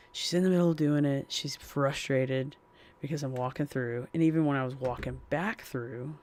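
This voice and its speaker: A man chatting on a live stream, speaking into a desk microphone. His talk wanders, with plenty of fillers and blunt swearing. His voice sits at an ordinary middle pitch. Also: fairly even intonation, a little slow, darkish tone. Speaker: game streamer. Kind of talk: casual live-stream chat.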